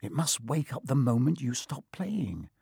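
A man voicing a brave young schoolboy in an audiobook, speaking soft and hushed. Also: medium pitch, very animated, unhurried, creaky, breathy edge, no echo, studio quality, heavily acted.

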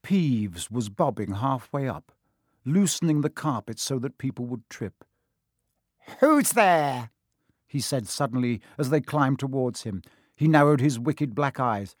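A man narrating a storybook audiobook in a measured, expressive reading. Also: mid-range voice, slightly rough, no room sound, studio quality.

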